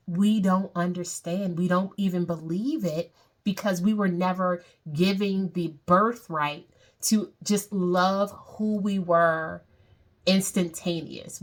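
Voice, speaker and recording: Woman, meditation guide, unhurried delivery, lowish voice, soothing and repetitive. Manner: slow, soothing, repeats phrases.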